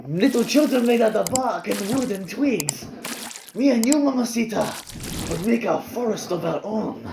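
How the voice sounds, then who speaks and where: A man putting on a hammy, put-on accent to play a cocky suitor crooning loud, drawn-out flirtation, recorded in an echoey room. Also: high voice, expressive, vocal fry, background noise. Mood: smarmy flirting. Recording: roomy echo.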